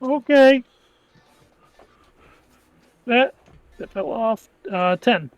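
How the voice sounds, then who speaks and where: A man's voice: very high-pitched, very slow, muffled recording. A man playing a tabletop game, jokey, talking about his character in the third person. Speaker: player. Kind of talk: casual tabletop game chat.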